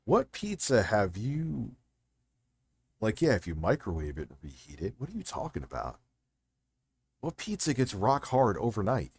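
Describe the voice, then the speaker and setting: A man's voice: fairly low pitch, huge pitch swings, normal speed, pauses often, a little mellow, husky. Profane ranting man reacting to videos. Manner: ranting, incredulous, sarcastic. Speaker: streamer host.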